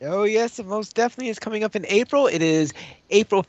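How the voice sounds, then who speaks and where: A man's voice: high voice, quick pace, dry recording, dull audio. A man co-hosting a casual podcast, moving the show along in a playfully formal way. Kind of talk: casual group chat.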